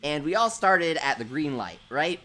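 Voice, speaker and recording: Animated young man telling stories on stream. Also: on the high side, moderate pace. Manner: animated storyteller, says "dude" a lot, laughs at his own jokes. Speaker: livestream host. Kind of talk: casual gaming livestream storytelling.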